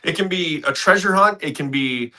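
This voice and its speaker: A man co-hosting a casual podcast, chiming in with quick agreement and lively asides. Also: on the high side, poor audio. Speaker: podcast co-host. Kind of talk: casual chat.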